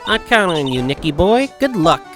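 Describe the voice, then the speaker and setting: A man's voice: on the high side, sing-song, fairly quick, fairly bright tone. A man voicing a doting, flirty woman with French affectations, sweet and sing-song, over game music.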